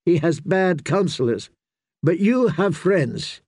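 Proud scheming princess, raised soft voice, persuasive, lively pitch, as a male narrator puts her on. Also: takes it slowly, no room sound, clean studio sound, exaggerated voice. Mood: soothing.

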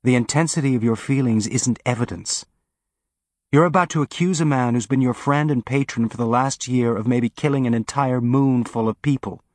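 A man voicing a calm, steady woman who is a spaceship engineer, speaking in a measured, gently firm way. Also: medium pitch, no room sound, close to an everyday voice.

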